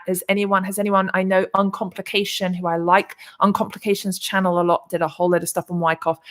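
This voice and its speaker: Her mid-range voice has a fairly bright tone as this crypto channel host from England chats on a casual livestream in her Arizona condo. Reading viewer comments, she rambles with many fillers and restarts.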